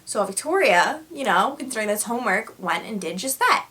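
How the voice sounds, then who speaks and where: A woman's voice: on the high side, big pitch swings, a little fast, sharp tone, a little hiss or hum. A young woman telling stories casually to her vlog audience, chatty with lots of fillers. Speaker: vlogger. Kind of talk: casual storytelling.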